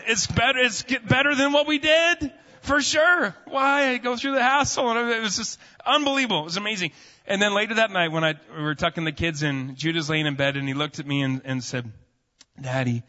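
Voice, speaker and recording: A man's voice: high-pitched, moderate pace, pushed and bright. A pastor in his thirties giving a sermon in a church sanctuary, telling family stories in a casual, rambling way full of fillers. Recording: muffled sound with long hall reverb.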